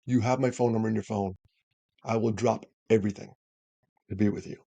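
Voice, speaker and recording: A man's voice: on the low side, a little fast, vocal fry, no echo. A man speaking as a podcast guest, giving earnest advice and acting out bits of dialogue as he talks. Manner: animated storyteller, acts out dialogue.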